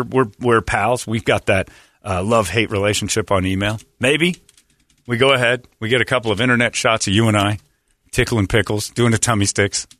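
A middle-aged radio host, a man with a lowish voice, rambles through blunt, sarcastic banter. The sound is dry and close, with no room around him. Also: sharp tone, no echo. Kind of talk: casual talk radio banter.

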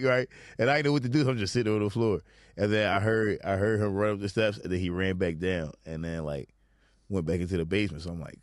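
Guy in his 30s, lowish voice, acts out all the quotes, dead dry mic. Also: fast talker, dry recording. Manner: animated storytelling with acted-out quotes. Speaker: podcast co-host. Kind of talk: casual chat.

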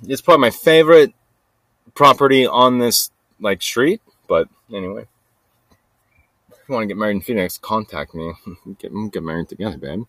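Rambling man muttering his story, dry sound. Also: no echo. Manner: rambling, restless, talks to himself with lots of "like" and "freaking"; swings between low mutters and sudden loud outbursts. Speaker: podcast host. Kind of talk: casual storytelling monologue.

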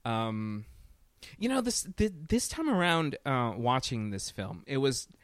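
A man's voice: medium pitch, big pitch swings, measured pace, clean tone, no room sound. Profane, rambling man in a dry booth. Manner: profane, rambling, laughs often. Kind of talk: casual film discussion.

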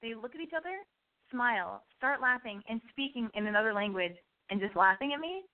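A woman telling a comic story in an animated, rambling way, full of restarts and asides. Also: a little high, brisk. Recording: tinny phone-like sound.

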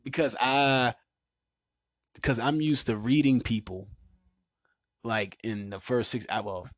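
A man in his thirties hosts a casual podcast and rants at length, swearing freely and laughing loudly when something gets to him. His voice sits in an ordinary middle register. The recording is dry and close, with no room sound. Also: medium pitch, fairly even intonation, a little slow, no room sound. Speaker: podcast host.

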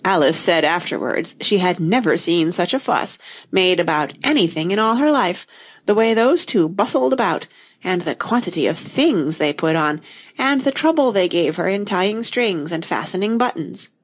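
A woman narrating a storybook audiobook, her voice sitting low for a woman. Her delivery is expressive and swings widely in pitch. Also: moderate pace.

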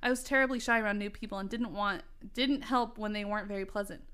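A woman's voice: mid-range voice, quick pace, bright, forceful tone, smooth. Woman laughing through reading her old story. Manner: laughing, self-mocking asides. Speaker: reader. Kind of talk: comedic reading of old teen fiction.

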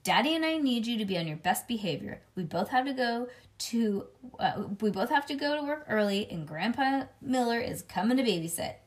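A woman's voice: on the high side, animated, brisk, lightly acted. A woman voicing a stern, tired mother of a young girl, firm and weary, while reading a children's book aloud.

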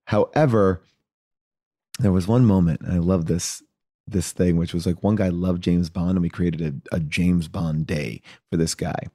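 Male comedian guest, low-pitched, dry close sound, loose rambling anecdote style. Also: moderate pace, dry recording. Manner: animated, acts out voices in his anecdotes; loose and rambling, many fillers and restarts. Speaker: podcast guest, actor and comedian. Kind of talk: casual storytelling chat.

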